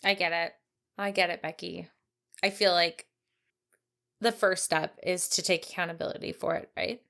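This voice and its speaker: A woman co-hosting a true-crime podcast, telling the case in a steady, storytelling way and answering her co-host calmly. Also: fairly low pitch, normal speed, gravelly. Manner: steady storytelling, calm and supportive. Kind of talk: true-crime narration and chat.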